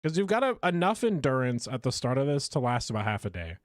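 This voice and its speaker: A man's voice: medium pitch, very animated, quick pace, dry recording, clean studio sound. A man streaming a game live, chatty and self-mocking as he talks through his play. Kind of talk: live gameplay commentary.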